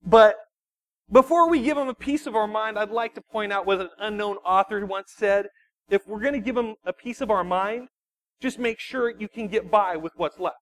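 A man, a youth pastor, giving an animated sermon full of personal storytelling and quick restarts. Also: high voice. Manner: animated, self-deprecating storytelling with frequent restarts.

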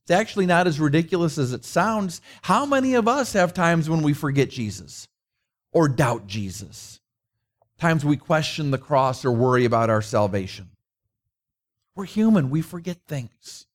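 A middle-aged man preaching a conversational sermon, mixing rhetorical questions with personal stories. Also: fairly high pitch. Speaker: pastor.

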